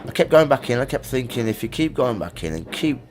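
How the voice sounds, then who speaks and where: A man's voice: medium pitch, big pitch swings, fast, a little mellow, slight background noise. A middle-aged man, a musician telling anecdotes in a casual interview, full of slang. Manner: chatty anecdotes with slang and laughs. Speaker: musician guest.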